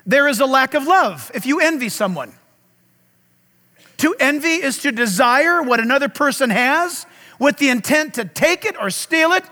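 A man preaching with passion from a pulpit, his voice very high and bright, ringing through a large hall with a long echo. He swings between near-shouts and hushed asides as he works the congregation. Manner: impassioned, loud preaching with dramatic swings. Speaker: pastor. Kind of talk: sermon.

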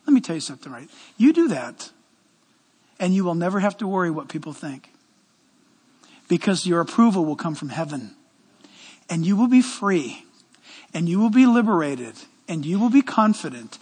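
Male pastor mid-sermon, animated and exhorting, high and expressive, in a reverberant church. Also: husky. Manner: animated, exhorting, acts out quoted voices.

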